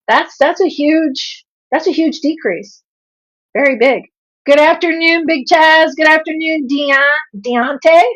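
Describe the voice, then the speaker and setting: A woman in her fifties from the Southern United States, with a Southern drawl, hosts a live stream as a nutrition coach. Her voice sits high with a fairly bright tone, and the recording is rough. She speaks earnestly, repeats points for emphasis, and greets viewers by name.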